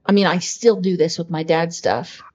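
A woman's voice: fairly low pitch, fairly even intonation, moderate pace, a little mellow. Woman cohost chatting earnestly, rambly, kinda muffled lo-fi audio. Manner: earnest, heartfelt, rambling with fillers. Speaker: podcast co-host. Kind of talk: casual chat.

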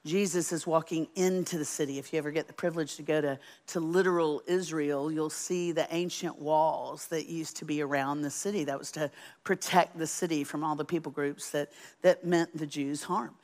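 A woman preaching a sermon in an animated, folksy way, asking the congregation questions. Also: low-pitched, moderate pace. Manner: animated, folksy, asks the audience. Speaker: Bible teacher.

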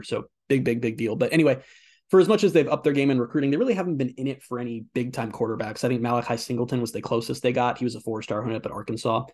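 A man's voice: mid-range voice, darkish tone. A young man co-hosting a sports podcast, chatting casually with lots of fillers. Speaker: podcast co-host.

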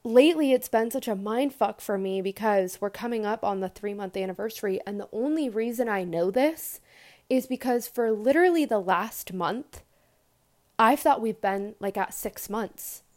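A young woman hosting a podcast, talking earnestly in a rambling casual monologue full of fillers and restarts, with animated quoted asides. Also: mid-range voice, normal speed. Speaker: podcast host.

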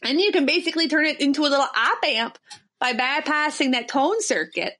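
Woman doing a Minnesota accent, chirpy ad read, sing-song, fairly high voice. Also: expressive, brisk, sharp tone. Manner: exaggerated, sing-song, rambling.

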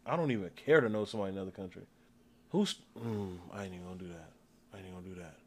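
Low-voiced man firing rhetorical questions. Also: slight background noise. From United States. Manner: profane, rapid-fire rhetorical questions. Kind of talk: casual chat.

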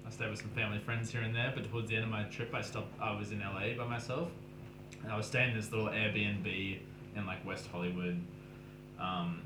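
Laid-back Australian guy, echoey room. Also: on the low side. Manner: laid-back, lots of likes and restarts. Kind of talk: casual chat. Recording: echoey room with clear noise.

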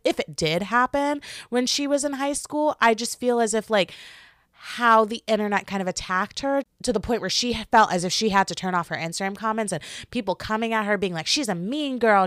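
A chatty young woman in her twenties hosts her own podcast, rambling through her opinions with lots of fillers and lively swings in her voice. Her voice sits at an everyday middle pitch. The sound is close and dry, with no room around it. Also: dry recording. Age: 20s. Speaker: podcast host. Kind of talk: casual solo podcast chat.

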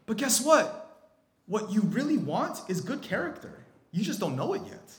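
A man preaching a sermon as pastor, moving between hushed, intimate stretches and loud, excited bursts. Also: sits high, a little slow, reverberant.

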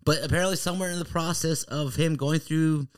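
A man's voice: on the high side, fairly even intonation, a little fast. A man co-hosting a wrestling podcast, rambling through odd news stories in casual chat. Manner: rambling, laughs along, slips into put-on voices. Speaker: podcast co-host reading news.

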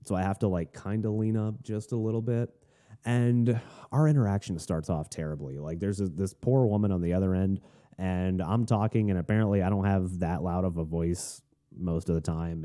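A man hosting a podcast rambles through a story with wry, self-deprecating asides. His voice sits low, with a very dark, mellow timbre. He speaks in a casual, conversational tone. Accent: none, non-Southern American. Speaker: podcast host.

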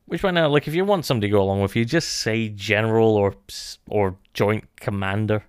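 Smooth-voiced man musing casually. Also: fairly low pitch, brisk, dry recording, clean studio sound. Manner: thoughtful, musing, many "like" fillers. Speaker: podcast co-host. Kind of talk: casual review chat.

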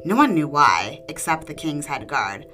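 A woman's voice: low voice, very animated, normal speed, poor audio. A woman hosting a storytelling podcast, narrating a folktale and giving the characters small changes of voice. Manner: reads dialogue with small voice changes. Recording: faint guitar music behind. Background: faint guitar music.

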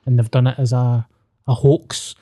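A Glaswegian man hosting a podcast, blunt and joking, swearing freely as he leads the chat into new topics. His pitch is ordinary, in the middle for a man. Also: level tone, normal speed, warm tone. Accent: Glaswegian Scottish. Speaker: podcast host.

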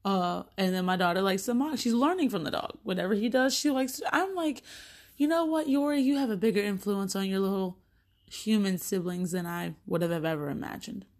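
A woman's voice: medium pitch, fairly quick. A woman in her thirties, a mother, talking casually and animatedly, acting out little exchanges with her children as she tells stories. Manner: chatty, animated, acts out little dialogues with her kids. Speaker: mother sharing parenting stories. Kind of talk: casual monologue.

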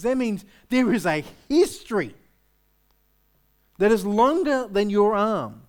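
A male pastor giving a sermon in a conversational, animated way, with lots of rhetorical questions. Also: sits high, measured pace.

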